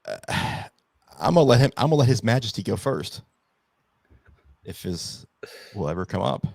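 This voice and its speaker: Guy hosting a sports stream, low gravelly voice, dry close sound, easygoing. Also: sing-song, moderate pace, darkish tone, dry recording. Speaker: sports show host. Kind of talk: casual live-stream banter.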